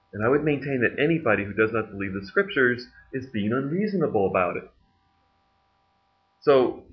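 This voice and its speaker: A man delivers a sermon in an easy, talkative manner, with wry asides and bursts of laughter along the way. His voice sits at an ordinary middle pitch. The recording is somewhat muffled and lo-fi. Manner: conversational preaching with jokes and laughs. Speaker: pastor.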